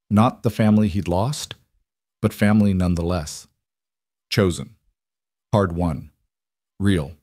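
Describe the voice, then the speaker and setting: A man narrating a scripted western story in even, steady storytelling. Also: on the low side, dry recording, clean studio sound.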